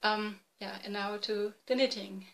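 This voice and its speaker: A woman in her forties from East Germany with a German accent, hosting a casual podcast in halting, self-correcting English. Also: medium pitch, steady tone, gravelly, fairly bright tone, poor audio. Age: 40s. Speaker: podcast host. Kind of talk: casual video podcast chat. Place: home room, dim light.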